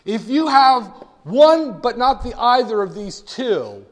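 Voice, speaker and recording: A man's voice: extremely high pitch, very animated, slow pace, in a large hall. A man lecturing a class in a jokey storytelling way, acting out little scenes. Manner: jokey storytelling, acts out voices.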